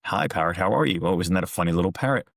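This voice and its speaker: A man's voice: low voice, expressive, racing, creaky, fairly bright tone, no room sound, clean studio sound, heavily acted. A man putting on the voice of a cheerful person chatting fondly to a parrot, in a doting, sing-song way.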